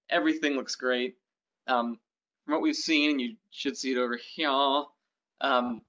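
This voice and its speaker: A man's voice: mid-range voice, fairly bright tone. A man co-hosting a gaming channel, chatting casually and enthusiastically about game news with many ums and restarts. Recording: dull lo-fi sound.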